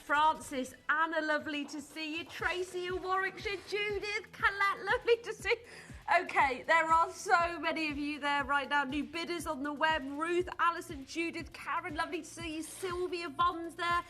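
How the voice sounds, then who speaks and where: A woman's voice: very high voice, steady tone, normal speed, bright, forceful tone, soft background music. A woman presenting live on a shopping channel in a studio, gushing and enthusiastic as she greets viewers by name.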